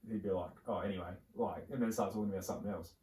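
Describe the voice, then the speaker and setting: Racing along in a warm, steady tone, this young Australian podcast co-host has a voice on the low side. He rambles through long stories in relaxed conversation, often restarting and leaning on fillers. Audio comes from a distant mic in a roomy space.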